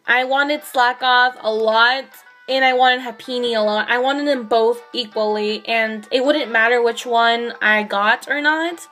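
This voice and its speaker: Thrilled and a bit shaky-voiced, a woman rambles on while streaming a game live. She speaks at a relaxed pace in a slightly high pitch, with soft music audible behind her.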